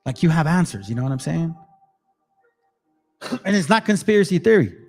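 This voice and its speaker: Gravelly man talking casually to viewers. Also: fairly high pitch, very animated, moderate pace, faint music behind. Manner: casual, swears, addresses viewers as family. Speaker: channel host.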